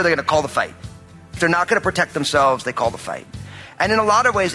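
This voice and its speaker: A man preaching a sermon as pastor, animated and jokey, acting out quotes from everyday life. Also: fairly high pitch. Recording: reverberant hall.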